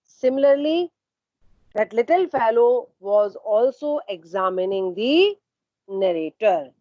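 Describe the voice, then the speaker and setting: Animated yet slow, a woman with a fairly high, mellow voice teaches an online literature class, working through a story line by line, posing questions she then answers, and rephrasing and repeating. There is no echo, though the audio is dull.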